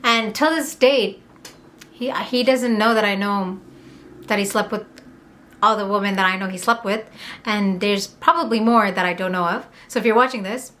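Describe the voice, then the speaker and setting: A young woman from Montreal telling a candid, heated storytime on her vlog, swearing and rushing through asides. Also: medium pitch, steady tone, fairly bright tone. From Montreal, Canada. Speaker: vlogger.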